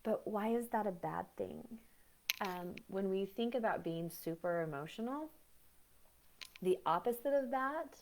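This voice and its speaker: A woman breathwork coach talking on a live stream, chatty and animated, often acting out what other people say. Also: medium pitch, measured pace, slight background noise. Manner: frequent fillers and restarts. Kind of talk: live-stream teaching talk.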